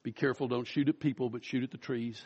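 A pastor preaching an Easter sermon, telling a story and slowing down and rising for emphasis. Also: male voice, mid-range voice, steady tone, breathy edge. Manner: storytelling, slows down and rises for emphasis. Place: church sanctuary. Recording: dull audio with long hall reverb.

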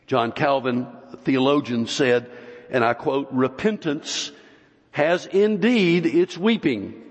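A male pastor preaching a sermon, slow and emphatic, with long pauses between phrases. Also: mid-range voice. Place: church sanctuary. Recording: dull, lo-fi recording with long hall reverb.

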